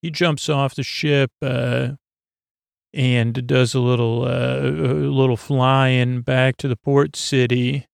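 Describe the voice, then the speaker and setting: A man's voice: medium pitch, little pitch movement, slow pace, creaky, clean tone, no room sound, studio quality. A man hosting a sleep podcast, rambling through a loose story recap with many fillers, restarts and lost threads. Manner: meandering, loses his place, many fillers and restarts. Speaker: podcast host.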